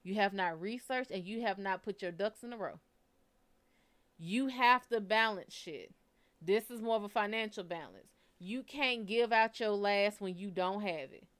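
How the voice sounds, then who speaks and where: Blunt, storytelling woman tarot reader, smooth voice. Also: medium pitch, normal speed. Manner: blunt, conversational storytelling with casual swearing. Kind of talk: live tarot reading.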